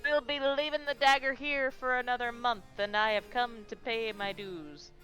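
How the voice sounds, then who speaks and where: A woman's voice: high voice, slow, faint music behind, voice pushed up, rough recording. A woman voicing a bold female ship captain, putting on an exaggerated, cheeky pirate way of talking. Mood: businesslike.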